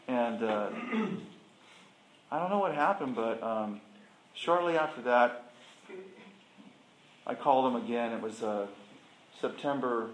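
A man's voice: medium pitch, expressive, measured pace, pauses often, a little hiss or hum. A middle-aged man sharing his recovery story at a support meeting, plainspoken and self-deprecating, acting out past conversations. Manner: plainspoken and self-deprecating, acts out dialogue with laughter. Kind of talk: candid personal testimony to a group. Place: meeting room with an audience. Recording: roomy room echo with faint ambience.

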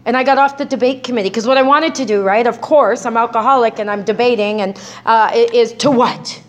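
A woman's voice: on the high side, a little fast. A middle-aged woman sharing her recovery story in a personal testimony talk, speaking conversationally with many "right?" tags and restarts.

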